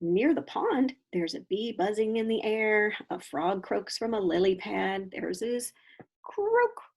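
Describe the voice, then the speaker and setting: A kindergarten teacher, husky and medium-pitched, reads a picture book aloud at an unhurried pace. She gives it a lively, questioning storybook tone and stops now and then to explain things to the kids.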